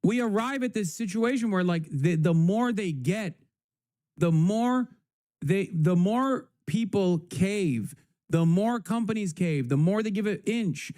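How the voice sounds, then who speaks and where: A man's voice: high voice, darkish tone. A man ranting angrily on a live stream, swearing often and emphatic. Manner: angry, profane, emphatic.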